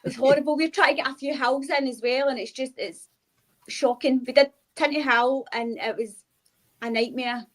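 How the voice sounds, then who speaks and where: A young woman with a Glaswegian accent talks as a guest in a relaxed chat. Her voice sits high, and she rattles on with plenty of "like" and quick asides. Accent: Glaswegian Scottish. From Scotland. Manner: chatty, with frequent "like" fillers and quick asides. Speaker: guest, urban explorer. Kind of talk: casual chat.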